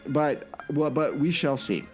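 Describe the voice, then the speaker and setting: A man co-hosting a podcast in casual chat, animated, often restarting his sentences. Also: on the high side, unhurried, music in the background. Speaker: podcast co-host.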